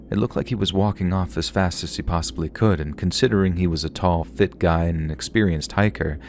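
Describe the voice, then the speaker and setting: A very deep male voice reads a horror story aloud in a calm, steady way. Faint hiss sits underneath the recording. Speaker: narrator. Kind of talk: scripted horror story narration.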